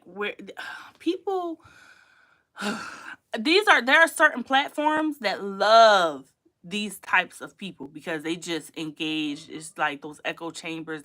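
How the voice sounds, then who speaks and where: A woman's voice: fairly low pitch, bright, forceful tone. A young adult woman, hosting a casual livestream in a chatty, emphatic way that repeats points and laughs often. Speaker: livestream host.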